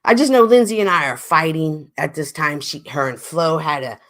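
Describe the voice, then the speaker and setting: Chatty, animated woman livestream host. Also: sits low, moderate pace. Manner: animated, chatty, swings from loud exclaims to murmurs. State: a little stuffy. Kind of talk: casual livestream chat, reading chat comments.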